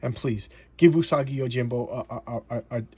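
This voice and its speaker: A man hosting a comic book channel, retelling a story in a halting, emotional way and often repeating words. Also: medium pitch, a little mellow, husky, no echo.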